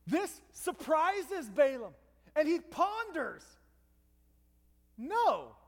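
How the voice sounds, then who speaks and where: A man's voice: high-pitched, lively intonation, a little slow. A man preaching a storytelling sermon, retelling a scripture story dramatically with asides to his listeners. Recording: long hall reverb.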